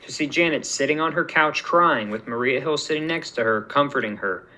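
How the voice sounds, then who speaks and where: A man narrating a fan-written story aloud in a plain, steady storytelling manner. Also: on the high side, brisk, poor audio.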